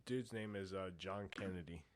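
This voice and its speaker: Laid-back low-voiced male co-host. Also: moderate pace, no echo. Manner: short, laid-back replies. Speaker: podcast co-host. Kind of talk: casual chat.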